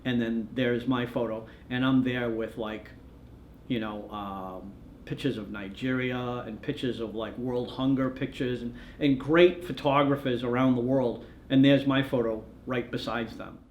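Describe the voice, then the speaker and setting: A man's voice: medium pitch, fairly even intonation, measured pace, slight background noise. A man, a news photographer, telling long stories in a documentary interview and acting out the lines of the people in them. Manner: rambling storyteller who acts out quoted dialogue. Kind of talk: documentary interview, recounting anecdotes. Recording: roomy echo.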